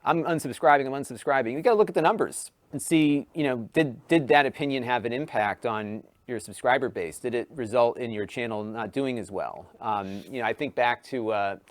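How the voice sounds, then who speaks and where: A man who hosts a YouTube tech channel, talking through a casual podcast conversation in an animated way, full of restarts, and lifting his voice for quoted lines. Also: medium pitch, moderate pace, few pauses, no echo.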